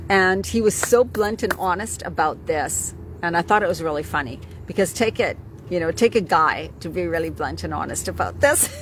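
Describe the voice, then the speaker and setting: Chatty woman vlogger, low voice. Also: slight background noise, poor audio. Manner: chatty, keeps asking "right?". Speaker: wellness coach. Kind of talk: casual talking-head vlog.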